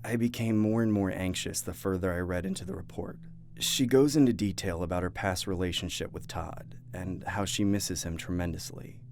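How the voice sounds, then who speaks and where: A man narrating a first-person horror story in a measured, scripted way. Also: deep voice, darkish tone, slight background noise. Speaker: narrator and voice actor.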